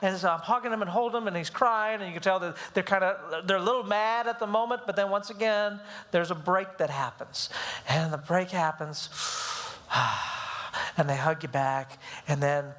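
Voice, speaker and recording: A man teaching a parenting class at a church, telling lively stories about raising his kids and acting out their voices. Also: high-pitched, brisk. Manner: animated storytelling, acts out voices of his kids. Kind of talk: live church class talk.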